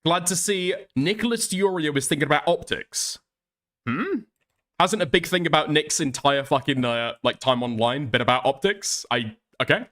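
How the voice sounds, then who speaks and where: A man's voice: a little high, normal speed, fairly bright tone. A man commenting on online drama, reading out posts and reacting in a blunt, exasperated, profane way. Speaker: commentary streamer.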